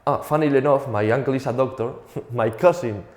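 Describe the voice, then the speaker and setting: A man's voice: medium pitch, fairly quick, a little mellow, reverberant. Spanish-accented man doing stand-up. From Spain. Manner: profane, self-mocking storytelling. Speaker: stand-up comedian. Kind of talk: stand-up comedy routine.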